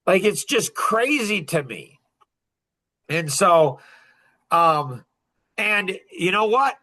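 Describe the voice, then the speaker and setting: Bright-voiced man ranting, lots of "like". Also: sits high, big pitch swings, slow, long pauses. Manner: rambling, emphatic, filler-heavy with many "like"s. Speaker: podcast host. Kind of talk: casual monologue.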